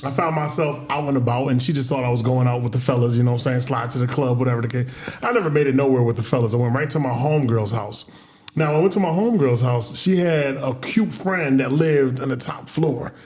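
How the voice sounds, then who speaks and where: A man's voice: medium pitch, fast talker, darkish tone. Laid-back man telling a story. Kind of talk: casual storytelling.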